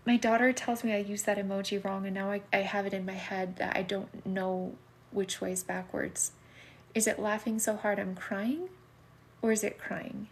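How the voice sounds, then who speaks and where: A middle-aged woman giving soulmate readings on a livestream, talking casually in a soft, soothing voice that often drops into a whisper. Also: medium pitch, steady tone, moderate pace, breathy edge.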